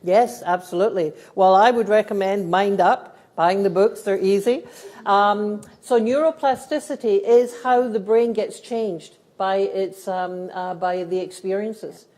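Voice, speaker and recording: A woman's voice: mid-range voice, measured pace, darkish tone. A middle-aged woman with a Scottish accent, a guest speaker telling stories and answering questions at a live event for teachers. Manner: storytelling, laughing, earnest. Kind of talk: live talk and Q&A.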